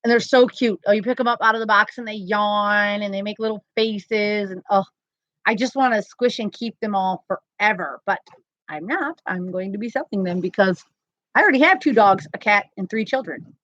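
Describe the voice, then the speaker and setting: A woman's voice: medium pitch, normal speed, fairly bright tone, no echo. A woman hosting a casual crochet live stream from home, chatty and laughing often. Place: home, indoors. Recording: slightly dull lo-fi sound.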